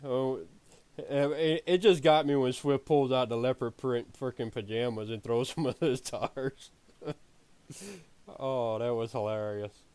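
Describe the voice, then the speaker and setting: A man's voice: mid-range voice, steady tone, a little slow, darkish tone, smooth, no echo. A man streaming, telling a story in a casual way, laughing often and swearing freely.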